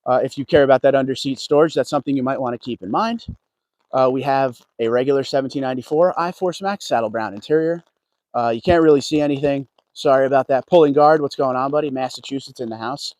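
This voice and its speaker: A man's voice: medium pitch, fast talker, darkish tone, dry recording. A man walking a dealership lot on a casual livestream, chatting with viewers and greeting them by name. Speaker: car vlogger. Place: outdoors at a car dealership lot.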